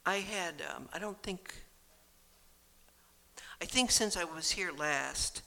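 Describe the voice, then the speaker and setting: A speaker giving a gentle, earnest and reflective personal talk. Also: mid-range voice, slow pace, creaky.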